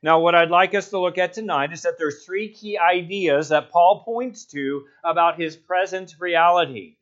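Casting: a man as a pastor preaching, emphatic and a touch high-pitched, dull lo-fi sound. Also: normal speed. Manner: emphatic, builds to loud passionate peaks then drops low. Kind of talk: sermon.

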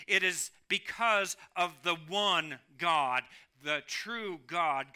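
A man with a high, very bright and clean voice preaches a sermon. He swings between emphatic, louder stretches and sudden quiet drops. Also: clear, resonant tone. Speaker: pastor.

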